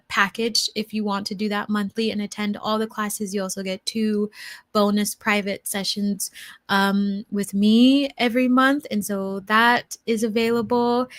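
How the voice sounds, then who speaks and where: A woman's voice: fairly high pitch, fairly bright tone, no room sound. A woman healer hosting a casual livestream, rambling with many fillers and restarts, gushing and spiritual.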